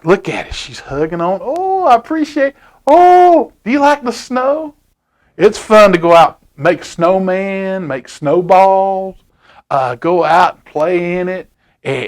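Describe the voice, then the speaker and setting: A man reading a story for children, chatty and loose with lots of fillers. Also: high-pitched. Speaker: storytime reader.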